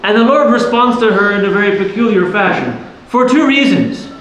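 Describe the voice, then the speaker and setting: Man preaching in a church, high voice, tons of echo, keeps asking the congregation questions. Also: a little fast, fairly bright tone. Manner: earnest, questioning, explanatory preaching. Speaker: priest. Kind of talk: sermon. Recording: very echoey church with faint noise.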